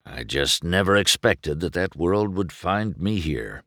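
Man doing a stern, grumbling older race car, bitter and unhurried, dry sound. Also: deep voice, expressive, bright, forceful tone, dry recording, heavily acted.

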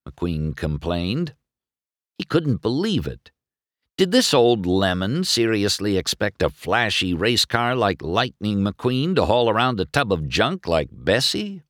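A man reading a children's storybook aloud, expressive and deliberate. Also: sits low, no echo, clean studio sound. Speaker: narrator.

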